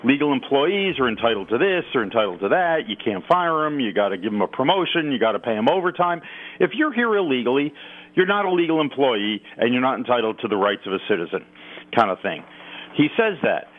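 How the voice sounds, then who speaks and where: A man calls in to a talk radio show, his voice thin and tinny down a phone line. He argues emphatically and with a sarcastic edge, swinging his pitch up and down as he makes his points. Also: lively intonation, fairly quick. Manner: emphatic, sarcastic, mocks opponents. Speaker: political commentator, guest.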